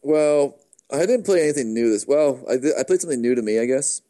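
A man's voice: mid-range voice, lively intonation, fast talker, mellow. A man co-hosting a casual gaming chat, easygoing and meandering, often correcting himself. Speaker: podcast co-host.

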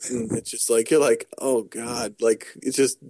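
A man's voice: mid-range voice, level tone, measured pace, dark tone, no room sound. Rambling man chatting about games. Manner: rambling, jokey, many fillers and restarts. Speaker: podcast co-host. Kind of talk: casual gaming chat.

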